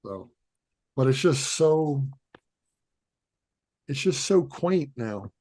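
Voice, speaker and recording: A man's voice: mid-range voice, lively intonation, very slow, dark tone. A man co-hosting a casual chat about comics, rambling with restarts and lots of "like". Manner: rambling, restarts, many likes. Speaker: co-host.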